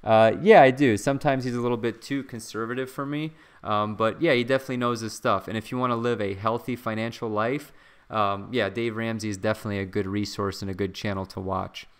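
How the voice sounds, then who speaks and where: Dude doing a chill finance livestream from his house, low-ish voice, talks casually and keeps throwing in asides to viewers. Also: brisk, smooth. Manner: relaxed, chatty, with fillers and frequent asides to viewers. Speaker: host of a weekly stock-market livestream. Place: home, by his kitchen.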